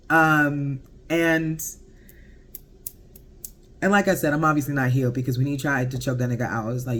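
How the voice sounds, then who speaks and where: Man, slightly high voice, casual show recap, animated. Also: normal speed, slight background noise. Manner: animated, laughing, acts out quotes. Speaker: show reviewer.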